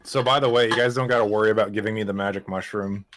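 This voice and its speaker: A man's voice: on the low side, steady tone, rapid-fire, a bit bright, slight background noise. A man talking casually while playing a game on stream, hesitant and stammering as he restarts his questions. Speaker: co-player on stream. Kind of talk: casual gaming stream chat.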